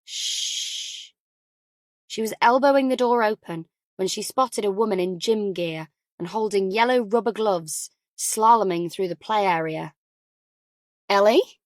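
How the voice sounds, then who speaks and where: Calm woman reading an audiobook. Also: medium pitch, moderate pace, few pauses, dry recording, clean studio sound. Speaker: audiobook narrator. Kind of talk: quiet scripted audiobook narration.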